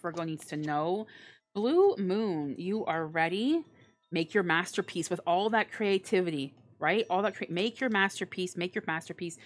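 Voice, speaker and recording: Woman tarot reader, chatty, laughs a lot, a touch low-voiced. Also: lively intonation, moderate pace. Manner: chatty, bubbly, laughs often, filler-heavy. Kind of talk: casual tarot reading to camera.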